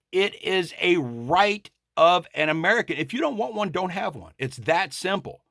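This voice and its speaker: Man on a profane, emphatic rant; gravelly, bright tone with lots of swing. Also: on the high side, dry recording, studio quality. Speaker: vlogger. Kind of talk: political rant monologue.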